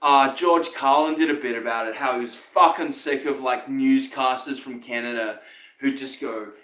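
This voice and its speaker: A man's voice: medium pitch, fairly even intonation, moderate pace, fairly bright tone, reverberant, poor audio. A man with a New Zealand accent, a podcast host rambling through a casual monologue full of swearing, fillers and chuckles.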